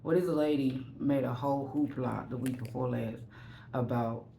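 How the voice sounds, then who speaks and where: A woman's voice: a bass voice, steady tone, moderate pace, vocal fry, mellow, slight background noise. A woman vlogger telling a candid, rambling story from home while getting ready. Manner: candid, rambling, self-deprecating.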